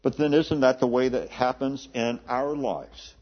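A man preaching a sermon in a conversational way, often repeating words and slowing down to stress the scripture he quotes. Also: medium pitch, breathy edge. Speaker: pastor. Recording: dull lo-fi recording.

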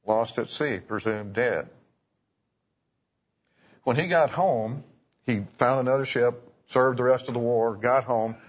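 A man's voice: medium pitch, husky. A man preaching a sermon, telling stories in a folksy way with restarts and asides. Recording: dull lo-fi recording.

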